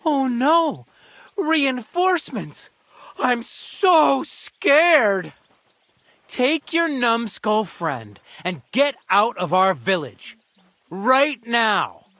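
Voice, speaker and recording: Casting: a slow, sneering game bully, very lively in pitch. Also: male voice, dry recording, exaggerated voice. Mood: sarcastic. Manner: taunting, sarcastic. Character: mocking male village bully, scornful and cocky. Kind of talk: video game voice acting.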